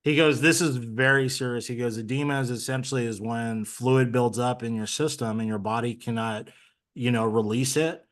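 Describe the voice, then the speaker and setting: Man, interview guest, earnest, conversational, filler words, mid pitch. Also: fairly even intonation, normal speed. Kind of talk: candid personal story.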